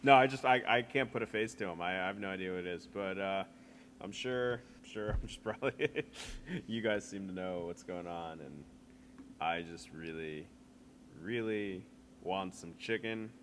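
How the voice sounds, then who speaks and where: Give me a laid-back man with a lowish voice, hosting a podcast and joking. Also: normal speed, fairly bright tone, slight background noise. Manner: laid-back, jokey, laughs often. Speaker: podcast host. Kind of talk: casual chat.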